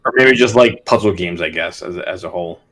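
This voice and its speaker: A man's voice: deep voice, fast talker, fairly bright tone. Laid-back young man, giggly podcast chat. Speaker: podcast co-host. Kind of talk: casual chat.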